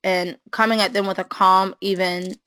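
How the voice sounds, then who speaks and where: Teacher type, a woman with a bright, forceful voice, an animated storyteller who jumps up in pitch for quotes, recorded dry. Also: moderate pace, clear, resonant tone, dry recording, rough recording. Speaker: preschool teacher. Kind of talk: casual storytelling chat.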